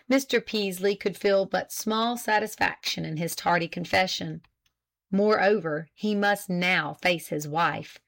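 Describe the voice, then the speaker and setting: Measured woman narrating a classic novel. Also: medium pitch, creaky. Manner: measured, even storytelling. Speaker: audiobook narrator. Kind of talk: scripted narration.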